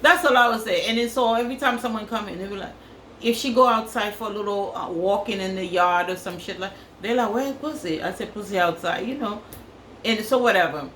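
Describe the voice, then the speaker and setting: A woman's voice: medium pitch, a little fast, fairly bright tone, roomy sound, slight background noise, low-quality recording. A woman from Africa, telling a crude story in a casual vlog and repeating phrases for effect. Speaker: vlogger.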